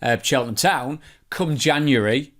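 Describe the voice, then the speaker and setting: A man of middling pitch hosts a football podcast. He keeps things moving briskly, leading into segments with light banter. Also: a bit bright. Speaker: podcast host. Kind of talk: casual football chat.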